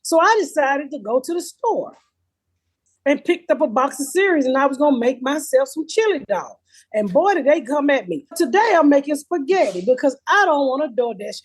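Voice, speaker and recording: A high-voiced woman in her fifties holds forth on her comedy podcast. She is loud, profane and animated as she tells her stories, and she speaks over a remote connection that keeps cutting out. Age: 50s. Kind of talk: casual podcast chat. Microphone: remote call with a patchy connection.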